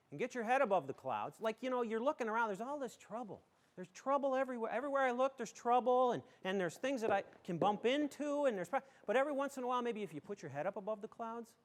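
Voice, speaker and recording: A middle-aged school superintendent from the southern tier of western New York speaks in a rather high voice. Addressing a community audience, he gives a folksy talk, joking and driving his points home emphatically.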